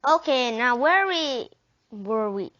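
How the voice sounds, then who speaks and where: Brief: woman voicing a patient but firm teacher in a storybook, high voice. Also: animated, takes it slowly, a bit bright. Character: patient female schoolteacher, firm but kind. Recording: dull lo-fi recording.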